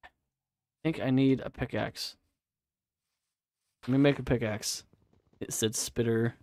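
A man's voice: medium pitch, fairly even intonation, measured pace, darkish tone, no room sound. A man giving casual, profane live commentary while playing a game, chatting to himself and his viewers. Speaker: streamer.

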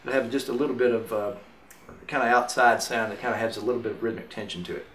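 A man with a mid-range, slightly bright voice and fairly even intonation talks fast while demonstrating mandolin rhythm and counting beats out loud in a relaxed way. The roomy, off-mic recording carries mandolin music and slight background noise.

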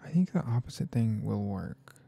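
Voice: medium pitch, animated, moderate pace, creaky, warm tone, husky. A gaming video creator thinks aloud while playing, rambling and often sliding into half-whispered muttering. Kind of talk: soft-spoken gaming commentary.

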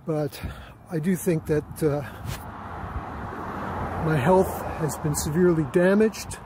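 Slow, high-voiced man with a weary tone. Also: steady tone, noisy background. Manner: halting, frequent fillers and restarts; weary, aggrieved tone. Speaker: vlogger. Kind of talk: casual personal account to camera.

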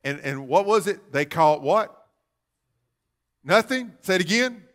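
Bright-voiced preaching man. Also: high voice, expressive, a little slow. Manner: call-and-response preaching, rising to loud fervor. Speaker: pastor. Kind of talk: sermon. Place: church sanctuary.

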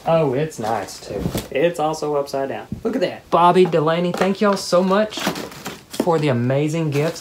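Lady vlogger w a low voice unboxing fan mail, chatty n excitable, crinkly noisy background. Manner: chatty and excitable, gasps and laughs. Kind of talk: casual unboxing chat. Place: at home. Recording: background noise with paper crinkling.

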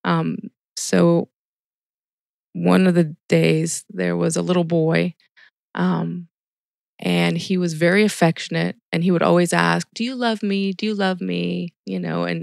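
A woman's voice: fairly low pitch, measured pace, vocal fry, dry recording, studio quality. A middle-aged woman, a ministry volunteer, telling stories earnestly in a casual podcast interview. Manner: earnest storytelling with quoted dialogue.

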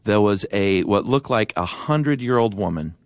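Man, middle-aged, very deep voice, dry sound, casual animated storytelling, podcast co-host. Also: normal speed, no room sound. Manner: animated storyteller with restarts and laughs.

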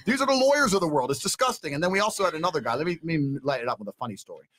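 Lively, crude male storyteller. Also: on the high side, rapid-fire. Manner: crude, lively, acts out the people in his stories. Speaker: podcast guest. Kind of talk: animated storytelling.

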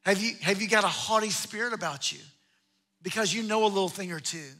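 Man, pastor, sermon, emphatic, repeats himself, very high pitch. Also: brisk, sharp tone. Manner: emphatic, with repeated phrases and restarts.

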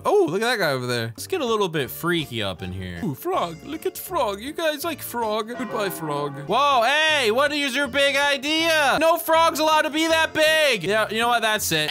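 Man, goofy let's-play commentary, high voice, very animated. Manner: goofy, yelling and joking at other players. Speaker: gaming YouTuber.

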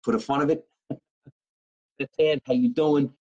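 A man from New Jersey with a husky, slightly rough voice hosts a casual live stream from his kitchen. He jokes brashly and swears freely as a comedian talking straight to his viewers. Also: medium pitch, steady tone, takes it slowly, darkish tone, lo-fi sound. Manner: brash, profane, joking. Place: home kitchen.

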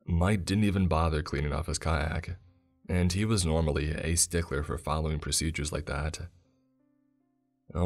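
A man with an extremely deep voice tells a scary story in an unhurried, even delivery. His narration is scripted and steady, built to hold a listener through a long night of creepy tales. Faint music sits low beneath his words.

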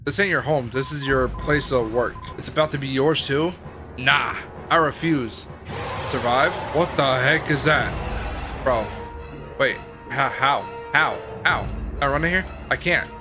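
A young man commentating a horror game, excitable and chatty, full of slang. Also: mid-range voice, unhurried. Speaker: gaming video host. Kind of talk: gameplay commentary. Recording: game music behind.

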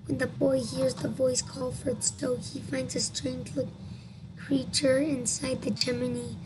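A woman reading a scary story aloud, halting and restarting as she goes. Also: sits high, little pitch movement, noisy background. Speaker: story reader.

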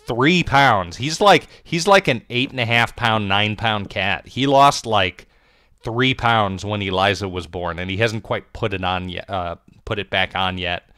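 A man's voice: on the low side, expressive, measured pace, a bit bright, clear, resonant tone, dry recording, studio quality. A man streaming a game and chatting playfully, swearing freely and cooing baby talk. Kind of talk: casual live-stream chat. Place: home.

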